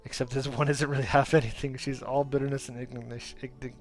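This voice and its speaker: A man voicing a gruff, grumbling male gnome bridge guard, talking loudly and bluntly. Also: medium pitch, little pitch movement, fast, soft background music, lightly acted. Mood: gossipy. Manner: loud, blunt and chatty.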